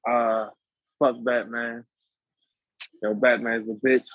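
A man's voice: medium pitch, flat delivery, slow pace, dry recording, phone-quality sound. A man in casual chat, blunt and slangy.

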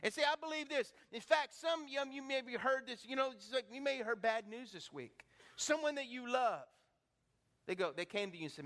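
Male pastor, sermon delivery, very high and bright voice, animated, questions the room; long hall reverb. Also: fairly quick. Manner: animated, rhetorical questions to the congregation. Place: church hall.

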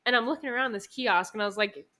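Her fairly high voice is bright and forceful and moves fast as this young woman in her twenties rambles through a tale on the podcast she co-hosts with her sister, swearing and laughing throughout their casual conversation.

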